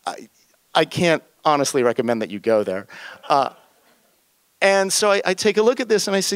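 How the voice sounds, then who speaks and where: A middle-aged man telling a story to an audience in an animated, wry and self-deprecating way. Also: a little high, moderate pace, clean tone, no echo. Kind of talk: live storytelling.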